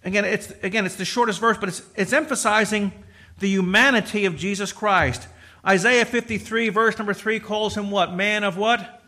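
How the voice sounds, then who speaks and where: A middle-aged man preaching a sermon, emphatic, swinging from loud exhortation to quiet, with repeated restarts. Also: high-pitched, normal speed.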